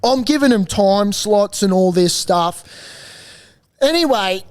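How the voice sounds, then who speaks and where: Man, podcast co-host, casual storytelling, animated, swears, laughs a lot. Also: sits high, slow pace, clean tone.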